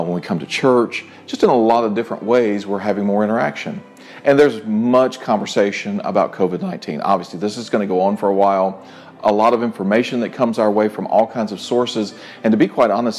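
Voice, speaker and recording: A middle-aged man preaching in an earnest, conversational way, his voice sitting a little low. He springs up when acting out quoted lines. Soft instrumental music plays faintly behind him. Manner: earnest, conversational preaching with animated retold dialogue. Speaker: pastor. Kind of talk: sermon.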